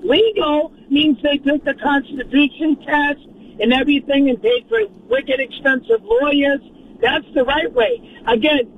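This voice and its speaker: A man calls a talk show to rant, emphatic and mocking. His voice sits very high and comes through a tinny phone line with faint traffic noise behind. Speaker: caller. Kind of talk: call-in rant.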